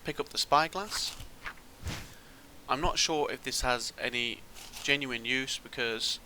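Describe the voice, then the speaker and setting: A man's voice: medium pitch, a little slow, pushed and bright, a little hiss or hum, poor audio. A man giving casual gameplay commentary as a channel host, thinking aloud and rambling with restarts.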